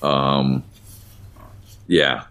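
A man's voice: a bass voice, little pitch movement, extremely slow, sharp tone. A man co-hosting a podcast, chatting casually and rambling with lots of fillers and offhand swearing. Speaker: podcast co-host. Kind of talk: casual chat.

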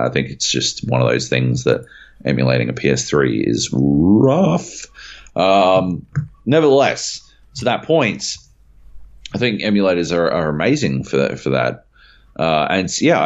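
A man with an extremely deep voice rambles through casual podcast talk. He fills his sentences with ums and likes, restarts often and swears without thinking. The recording sounds dull and lo-fi. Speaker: podcast co-host.

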